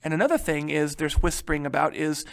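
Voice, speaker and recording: A male history teacher giving a casual, animated lecture, joking and checking in with his students. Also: fairly high pitch, fast, vocal fry. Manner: animated, joking, keeps asking "right?".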